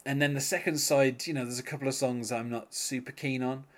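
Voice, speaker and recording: A man's voice: mid-range voice, steady tone, fairly quick. A man chatting casually as a podcast host, full of fillers and restarts. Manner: hesitant, many fillers and restarts. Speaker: podcast host reviewing music. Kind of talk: casual chat.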